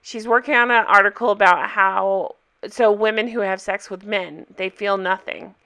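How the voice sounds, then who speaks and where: A young woman recapping a TV episode in a casual, chatty vlog, enthusiastic and quoting lines in lively voices. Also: medium pitch, moderate pace, clear, resonant tone.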